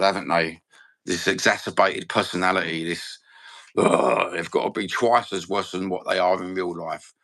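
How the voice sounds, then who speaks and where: A man's voice: low voice, vocal fry, a bit bright. A man with a Cockney accent hosting a casual fan livestream, blunt, sweary and rambling. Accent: London Cockney. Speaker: fan channel host.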